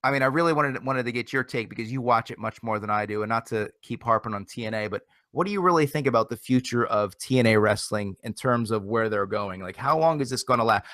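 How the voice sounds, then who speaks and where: A man's voice: medium pitch, a little fast, hardly any pauses, no echo. Rambling male web-show host, dry sound. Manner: rambling, repeats phrases, energetic. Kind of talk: casual live internet show chat. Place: home near Philadelphia.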